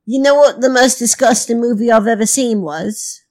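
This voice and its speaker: A woman's voice: fairly high pitch, moderate pace, a little mellow. A woman co-hosting a satirical comedy podcast, talking in a put-on British accent and tagging on little questions.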